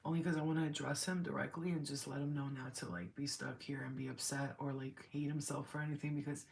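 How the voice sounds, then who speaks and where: A woman's voice: very deep voice, steady tone, fast, gravelly. A woman medium giving a live channeled reading, rambling and emotional as she speaks to a spirit and to her client.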